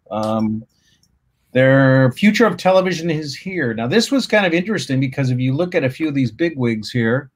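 Man, podcast guest, mid pitch, casual explaining, hesitant restarts. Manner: explanatory, many fillers and restarts.

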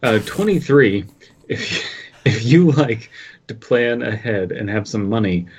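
A man's voice: lowish voice, animated, unhurried, a little mellow, a little hiss or hum. A man co-hosting a casual comedy podcast, rambling loosely and joking as he talks. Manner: rambling, laughs between jokes. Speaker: podcast co-host.

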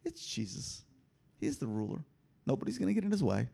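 A man preaching a sermon, his husky voice climbing and falling in lively swings. He punches key lines loudly, then drops to near-hushed asides. The delivery is direct and animated throughout. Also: fairly high pitch, a little fast. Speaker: pastor.

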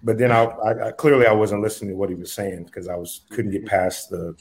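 A man's voice: lowish voice, level tone, brisk, a little hiss or hum. A man from the United States hosting a casual chat, reflective and rambling with many fillers. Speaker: host, comedian.

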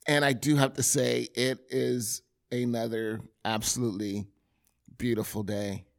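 A man's voice: medium pitch, level tone, measured pace, creaky. A male pastor with a Californian accent, hosting his church podcast in an earnest, conversational way with touches of self-deprecating humor. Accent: Californian English. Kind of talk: podcast intro talk.

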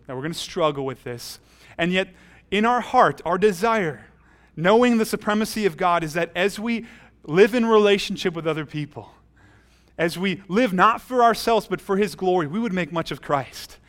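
A man's voice: high voice, fairly bright tone. A man preaching a sermon as pastor, earnest, often restarting his phrases.

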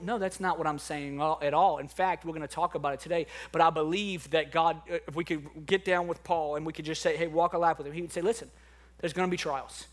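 A male pastor preaching a conversational sermon, energetic with bursts of excitement. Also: on the high side, fast talker.

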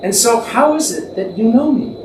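A man's voice: very high voice, lively intonation, moderate pace. A man teaching from the Bible in a conversational, thinking-aloud way, imagining the scene and correcting himself as he goes. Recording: echoey room, distant mic, faint background noise.

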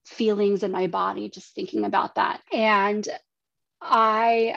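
A woman in her thirties, a podcast guest, giving personal testimony in an earnest, halting way. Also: medium pitch, flat delivery, vocal fry, a bit bright, dry recording. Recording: dry, slightly dull lo-fi sound.

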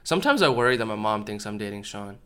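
Podcast co-host, male, rapid loud banter, teasing. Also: on the low side, very animated, smooth. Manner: loud, joking, quick banter. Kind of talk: casual chat.

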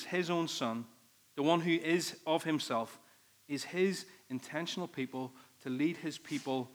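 A man's voice: mid-range voice, a bit bright. A man preaching a sermon, earnest and emphatic, leaning on repeated phrases. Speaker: pastor.

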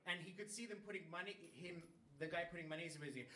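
Bright, animated man in a roomy space. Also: sits high, a little fast, hardly any pauses. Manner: animated, swears freely, laughs mid-story. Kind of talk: casual storytelling chat. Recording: roomy sound from a distant mic.

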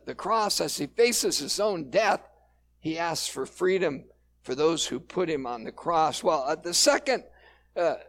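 A male pastor preaching a sermon in a relaxed, conversational storytelling way, with frequent fillers. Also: sits high.

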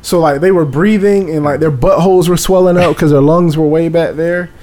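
A man, telling a story in casual chat, animated and profane, acting out voices and sounds. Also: fairly high pitch, fairly quick.

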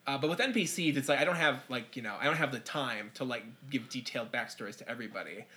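A man's voice: medium pitch, lively intonation, quick pace, sharp tone. A man talking as a podcast guest in a casual chat, who rambles with lots of fillers. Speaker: podcast guest, dungeon master.

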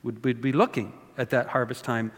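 A man's voice: mid-range voice, steady tone, moderate pace. A pastor giving a conversational sermon, often repeating words and asking his listeners rhetorical questions. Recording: long reverb of a hall.

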